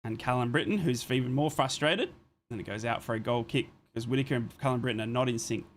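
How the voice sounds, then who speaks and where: A man's voice: mid-range voice, a little hiss or hum. A man hosting a live football watchalong, giving casual play-by-play and chatting with viewers' comments, often apologizing as he goes. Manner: chatty, reads and answers viewer comments between plays; apologetic, quick to say sorry.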